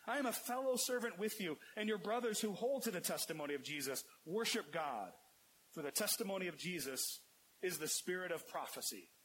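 A man reading scripture aloud in a measured, solemn way, then teaching from it as a preacher. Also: sits high, fairly bright tone, a little hiss or hum, rough recording.

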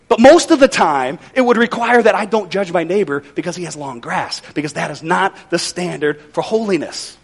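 A man's voice: high voice, animated, normal speed, gravelly, hardly any pauses, slightly rough. A male pastor preaching a sermon in a conversational, folksy way with wry humor.

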